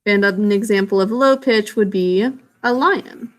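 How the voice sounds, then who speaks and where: A woman's voice: mid-range voice, measured pace. A woman teacher explaining a science lesson in a casual, self-correcting way to young students. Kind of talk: recorded classroom lesson.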